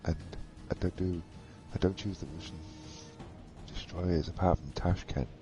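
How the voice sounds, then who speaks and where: A man chatting casually in voice chat while gaming, excitable and stammering through restarts. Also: sits low, moderate pace, over music, rough recording. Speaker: guest gamer.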